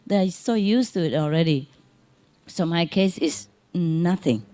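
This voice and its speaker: A woman giving an informal spiritual talk to an audience, speaking gently and unhurriedly in simple, non-native phrasing, often chuckling and repeating phrases to reassure her listeners. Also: lowish voice, expressive, unhurried. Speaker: spiritual teacher.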